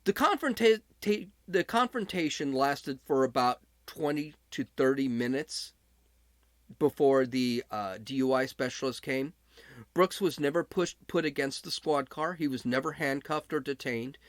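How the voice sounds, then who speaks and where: A man's voice: medium pitch, measured pace, dry recording. A man hosting a podcast, talking casually as he recounts events, often restarting his sentences. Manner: conversational recounting with frequent restarts. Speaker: podcast host.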